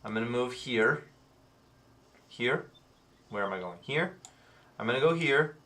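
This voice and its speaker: Dad coaching a young player. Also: male voice, mid-range voice, expressive, measured pace, a bit bright. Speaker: player, father. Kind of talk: casual chat while gaming.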